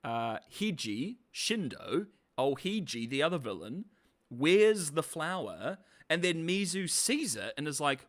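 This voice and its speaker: Sarcastic guy ranting about a show, laughs a lot, kinda high voice that bounces all over. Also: very animated, normal speed, a bit bright. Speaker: video reviewer. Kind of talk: casual commentary.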